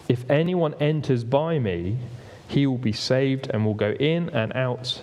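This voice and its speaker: A man's voice: medium pitch, measured pace, a little mellow, slight background noise. A man giving a conversational sermon in a church hall, often restarting phrases and asking for the next slide. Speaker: preacher. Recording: long reverb of a hall.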